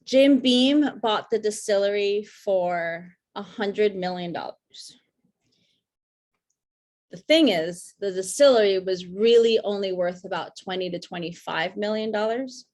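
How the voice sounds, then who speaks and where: A woman of middle pitch leads a virtual whiskey tasting over a video call. She talks in a relaxed, rambling way, stopping and restarting her sentences and filling the gaps with ums. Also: unhurried. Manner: chatty and loose, with many fillers and restarts. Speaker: brand ambassador hosting a whiskey tasting. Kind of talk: casual talk for a virtual tasting.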